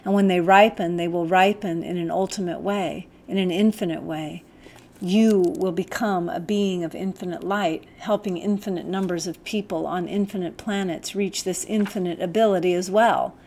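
A woman narrating an audiobook in a calm, measured, gently instructive way. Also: on the low side.

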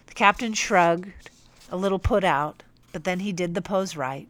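A young woman narrating a first-person audiobook in a measured, firm, teacherly way. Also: on the low side, a bit bright, no echo. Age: young adult.

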